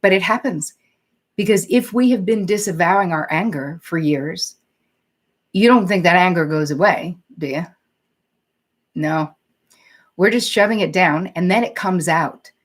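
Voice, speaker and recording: A woman's voice: fairly low pitch, unhurried, long pauses. A woman psychotherapist hosting a live-streamed talk, speaking candidly and conversationally, swearing casually and reading out viewer comments as she goes. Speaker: psychotherapist and show host.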